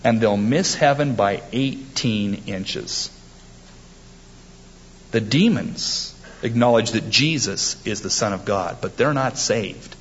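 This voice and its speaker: A man's voice: fairly low pitch, slow pace, lo-fi sound, slight background noise. A man preaching a sermon, emphatic and quoting scripture with rising force. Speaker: pastor.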